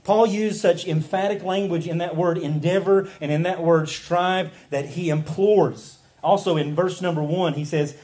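Pastor guy preaching, kinda high voice, lots of ums and restarts, really emphatic. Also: normal speed, few pauses, darkish tone. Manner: earnest, emphatic preaching with frequent fillers and restarts. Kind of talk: sermon.

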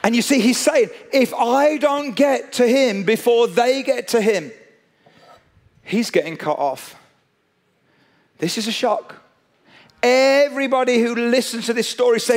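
A man preaching a sermon, telling a story with animated energy and speaking straight to his listeners. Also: very high-pitched, measured pace. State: out of breath.

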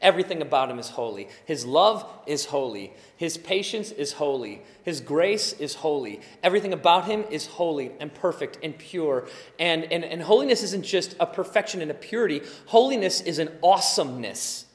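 A man preaching a sermon, emphatic, swinging between quiet explanation and loud exclaiming. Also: fairly high pitch, expressive, moderate pace. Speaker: pastor. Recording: long hall reverb.

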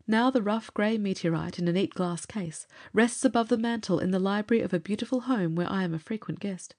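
A woman narrating a pulp adventure story for an audiobook in a measured, steady way. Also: mid-range voice.

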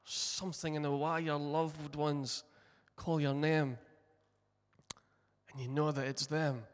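A man preaching a sermon at a slow, deliberate pace, his fairly high voice ringing out in a large, reverberant hall. He retells a story and acts out its voices, moving between loud, passionate lines and hushed ones. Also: flat delivery.

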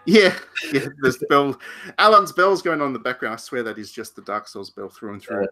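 A man co-hosting a podcast, talking loosely about games. His voice has a bright, forward tone. He rambles, restarts sentences and laughs often. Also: mid-range voice, big pitch swings, brisk, soft background music. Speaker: podcast co-host. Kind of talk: casual game discussion.

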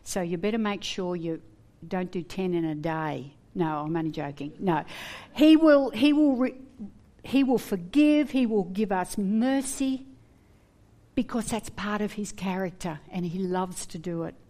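A woman preaching a sermon, earnest and animated, with humorous asides. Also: mid-range voice, unhurried.

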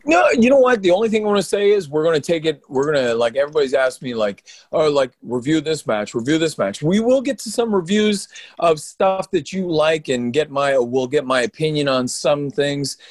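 A man, a pro wrestler and co-host, telling stories in an animated, rambling way with lots of restarts. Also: a little high, brisk, no room sound. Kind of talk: casual storytelling on a podcast.

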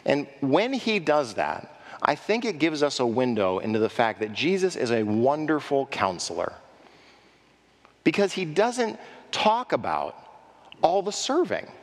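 A man preaching a sermon as pastor, animated, acting out quoted speech and asking the congregation direct questions. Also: fairly high pitch, measured pace. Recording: echoey hall reverb.

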